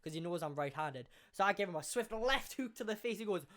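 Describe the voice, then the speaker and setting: A young man, hosting a podcast and telling a school story in a casual, animated way, full of swearing and acted-out quotes. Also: high-pitched, brisk. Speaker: podcast host.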